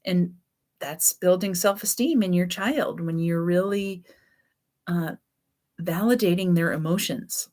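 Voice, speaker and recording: A woman teaching a class in a relaxed, conversational way, her voice sitting low. She talks loosely, with frequent fillers and restarts. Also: measured pace. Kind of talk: casual spoken teaching.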